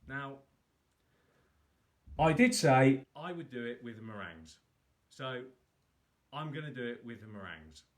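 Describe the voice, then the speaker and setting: Lively, chatty man hosting a cook-along. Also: medium pitch. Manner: chatty, self-mocking, talks viewers through each step. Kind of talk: casual live cooking demo.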